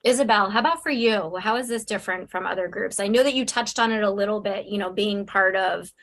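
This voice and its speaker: Bright-voiced woman hosting a group call. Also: mid-range voice, fast talker. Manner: affirming, encouraging. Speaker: host. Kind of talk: moderating a group video call. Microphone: video call.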